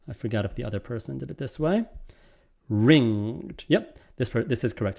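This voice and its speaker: A man's voice: medium pitch, a little fast, vocal fry, darkish tone. A man giving an online literature lecture, explaining and thinking aloud as he goes. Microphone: video call.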